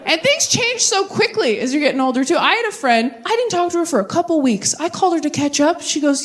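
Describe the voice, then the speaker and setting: Animated woman doing stand-up. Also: fast, hardly any pauses. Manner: animated, swinging into high-pitched voices for quoted friends. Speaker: stand-up comedian. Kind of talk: stand-up comedy set.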